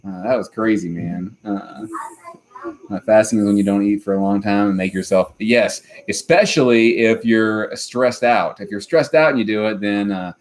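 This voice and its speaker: A man's voice: on the low side, normal speed. A man hosting a homesteading live stream, chatting casually and rambling with lots of hesitant fillers. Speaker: homesteading channel host.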